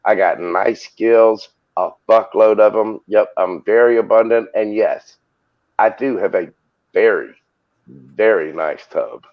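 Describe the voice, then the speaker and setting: A man's voice: fairly low pitch, slow pace, muffled recording. A man on a casual live chat, joking and swearing, with stammering restarts. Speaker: live stream guest.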